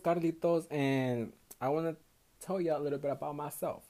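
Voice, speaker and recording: A man's voice: on the high side, moderate pace, dark tone. A young man from Houston with a Mexican Spanish accent hosts a casual solo podcast, worn out after a night shift, swearing freely and switching between English and Spanish. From Houston, Texas, USA. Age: young adult. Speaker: podcast host.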